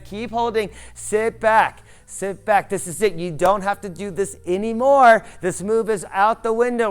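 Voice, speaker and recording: A man's voice: high voice, clean tone. A young man coaching a workout class, cueing form and counting down holds in an upbeat, motivational way. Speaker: fitness instructor.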